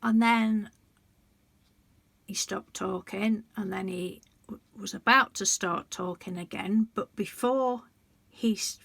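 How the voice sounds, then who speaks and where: A woman's voice: mid-range voice, fairly bright tone, no room sound. A woman in her sixties, talking heartfelt and confiding in a rambling way to her vlog viewers, often breaking off and restarting her sentences. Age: 60s. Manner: rambling, self-interrupting storytelling; emotional and confiding. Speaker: colouring book vlogger. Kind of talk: heartfelt casual chat.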